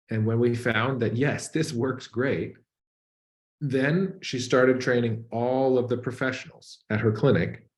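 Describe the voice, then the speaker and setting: A man, a guest expert, earnestly explaining research in a conversational way over a video call. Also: medium pitch. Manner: earnest, conversational, uses many "like" and "and so" links. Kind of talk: explanatory talk to an audience over slides. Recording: echoey room.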